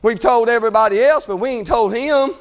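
Fervent high-voiced male preacher. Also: a little fast. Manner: fervent, shouting preaching with dramatic swings from loud to low; folksy, informal phrasing. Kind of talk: sermon.

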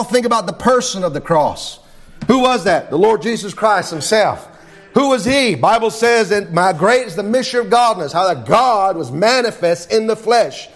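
A man with a high voice delivers a fervent sermon. He leans into his prayers and punctuates nearly every thought with "amen." His delivery rises and falls with the energy of a revival preacher. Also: fairly bright tone. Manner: fervent preaching with repeated amens. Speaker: pastor.

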